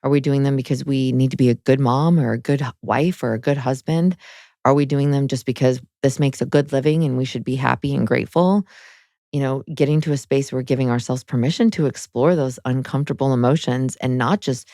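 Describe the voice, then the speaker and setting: A woman's voice: very deep voice, fairly even intonation, a little fast, dark tone, dry recording, studio quality. A woman in her thirties, a guest on an interview show, telling her personal story frankly and emotionally, with many "like" fillers. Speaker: guest, spiritual guide.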